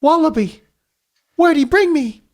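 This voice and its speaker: A man's voice: very high-pitched, expressive, unhurried, a little mellow, voice pushed up. A man voicing a young male fox boy who has just woken up groggy and bewildered after a knock on the head. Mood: dazed.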